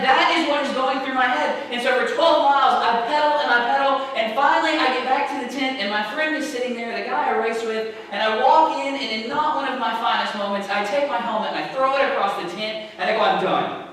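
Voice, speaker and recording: A woman's voice: fairly high pitch, a bit bright, slight background noise. Woman preaching in an echoing sanctuary. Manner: conversational, often asks the congregation "right?". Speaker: pastor. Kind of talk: sermon. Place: large church sanctuary. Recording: echoey sanctuary heard from a distance.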